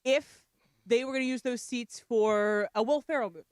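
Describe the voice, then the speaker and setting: A woman chatting quickly and casually on a sports radio show. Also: a little high, darkish tone, clear, resonant tone, no room sound.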